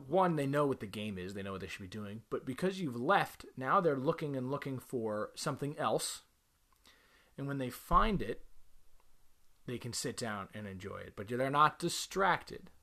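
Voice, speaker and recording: Man in his working years, dog trainer explaining to camera, firm and repetitive, mid-pitched. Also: fairly bright tone. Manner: direct, emphatic, repeats key instructions. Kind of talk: instructional talk to camera.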